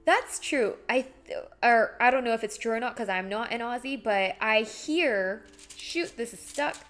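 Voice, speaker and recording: A woman's voice: on the high side, normal speed, a bit bright. A young woman chatting casually on a live stream while crafting, rambling and reading out viewer messages. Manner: chatty, rambling, reads chat aloud.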